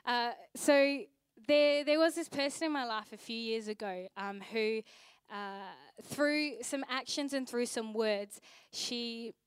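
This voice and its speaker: A woman's voice: a little high, takes it slowly, smooth, no echo. A young adult woman pastor, preaching a sermon in a conversational, chatty way with asides.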